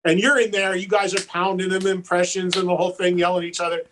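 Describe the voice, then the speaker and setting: A man's voice: high voice, fast, a little hiss or hum. A man who is a guest on a talk show, telling a story at length and acting out the people in it. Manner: animated storyteller, fond of quoted voices. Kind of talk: casual storytelling.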